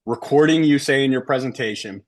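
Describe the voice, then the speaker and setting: In a training talk to his sales team, a middle-aged man speaks emphatically at a fairly quick pace, often asking "right?" to check in. His voice sits at a medium pitch.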